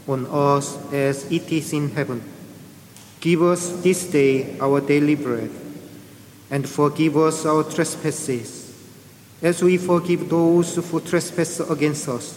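A man leading prayers in church, reciting them slowly and steadily. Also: fairly high pitch. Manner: slow, measured recitation. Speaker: prayer leader. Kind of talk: liturgical prayer. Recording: reverberant church.

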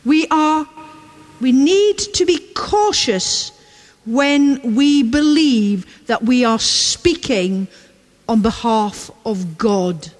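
Woman, preacher, sermon, slow and measured, high voice, long church reverb. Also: animated. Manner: measured, repeats key lines for emphasis.

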